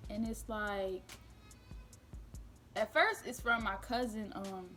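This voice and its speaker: A young woman spins a casual storytime for her vlog in a chatty, animated way, full of fillers and quick laughs. Her voice sits at a middling pitch for a woman. Faint music plays behind her. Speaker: vlogger. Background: faint background music.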